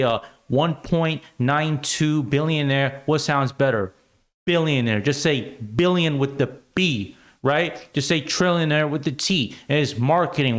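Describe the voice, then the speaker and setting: American man with a raised voice. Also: on the high side. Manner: emphatic, rhetorical asides. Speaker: commentary show host. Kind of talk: opinionated commentary.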